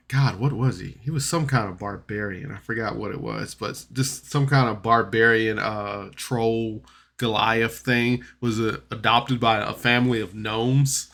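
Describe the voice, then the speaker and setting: A man's voice: medium pitch, a bit bright. A man casually recapping a tabletop game episode for a podcast, rambling and chatty, full of fillers and restarts. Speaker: podcast reviewer.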